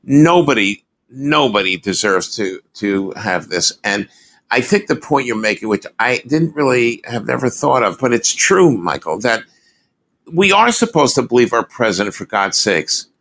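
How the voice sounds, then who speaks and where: An older man speaks as an expert guest on a podcast, earnest and readily agreeing. His voice has a gravelly rasp and a bright, forceful edge. He talks in an unhurried, conversational way. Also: mid-range voice, lively intonation. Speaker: public health expert guest.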